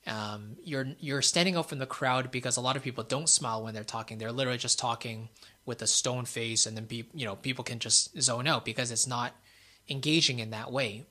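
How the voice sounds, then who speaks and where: A young man, a YouTuber and musician, giving casual speaking advice in a relaxed way, full of fillers and asking "right?" often. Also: medium pitch, fairly quick. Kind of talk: casual talking-head advice.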